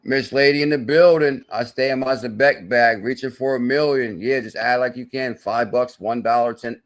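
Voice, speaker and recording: A man hosting a live crypto stream, talking in an excitable, salesy way with loud outbursts, thinking aloud as he works through sums and reads the viewer chat. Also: medium pitch, normal speed. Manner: thinks aloud while doing sums and checking charts. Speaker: crypto channel host.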